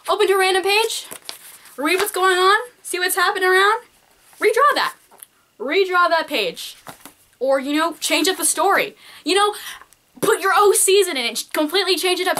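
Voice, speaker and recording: Bright high-voiced peppy teen girl. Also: a little hiss or hum. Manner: peppy and encouraging, talks straight to viewers. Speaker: art vlogger. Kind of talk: casual advice vlog. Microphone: camcorder mic.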